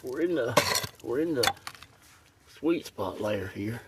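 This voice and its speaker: A man's voice: mid-range voice, slow pace. Male rockhound vlogger, breathing hard, upbeat running chatter, distant phone mic, noisy outdoors. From Tennessee. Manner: excited, chatty, keeps addressing viewers as y'all. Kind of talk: casual first-person narration while digging. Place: muddy riverbed outdoors. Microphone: phone camera, point-of-view.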